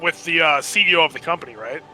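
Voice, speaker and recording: Male co-player, high and piercing, teasing prankster tone, swears easily. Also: quick pace, bright, forceful tone, faint music behind, rough recording. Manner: joking, mocking, swears freely. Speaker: co-player guest. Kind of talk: casual chat while gaming.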